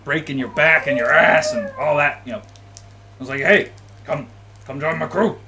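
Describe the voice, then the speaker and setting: A man voicing a huge, boisterous shark-man pirate with a loud, gruff voice and rowdy, hearty banter. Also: on the high side, normal speed, background noise, natural voice.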